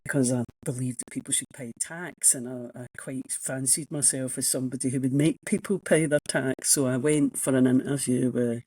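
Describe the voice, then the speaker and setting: A Scottish woman in her sixties with a husky, slightly breathy voice, recorded dry and close. She spins frank, self-mocking anecdotes about her own path, chatty and unguarded. It sounds like an easy conversation on a podcast. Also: very deep voice, steady tone, moderate pace, hardly any pauses, dark tone, no room sound, poor audio. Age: 60s. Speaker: guest, economics professor. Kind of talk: casual interview storytelling.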